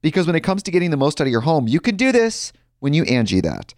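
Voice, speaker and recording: A man's voice: fairly high pitch, huge pitch swings, quick pace, darkish tone, no room sound. Dry, close-sounding male ad announcer. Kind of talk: scripted ad read.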